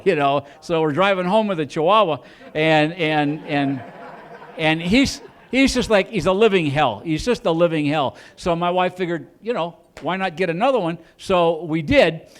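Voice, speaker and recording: Rambling stand-up comic, higher-pitched man. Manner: rambling, restarts with repeated "and". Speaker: comedian. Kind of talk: stand-up storytelling. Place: comedy club stage.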